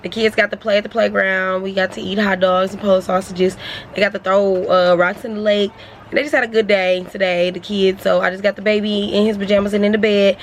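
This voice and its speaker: A woman's voice: medium pitch, level tone, brisk, slight background noise, poor audio. A young woman, chatting casually in a laid-back way as she vlogs her family day. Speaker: family vlogger, mother. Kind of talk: casual family vlog chat. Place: outdoors at a park.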